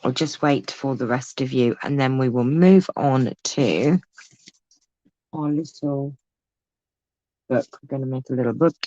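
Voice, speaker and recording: A woman's voice: extremely low pitch, unhurried, pauses often, mellow, dry recording. Woman, craft livestream host, chatty, teasing; dry, lo-fi home recording. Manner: chatty, reads out viewer comments, teasing asides. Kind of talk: casual livestream craft tutorial.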